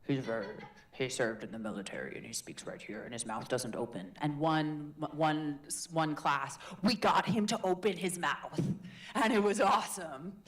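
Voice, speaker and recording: A woman's voice: low voice, moderate pace. A woman leading a live public speaking workshop in a chatty, demonstrative, encouraging way. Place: meetup room in a tech hub.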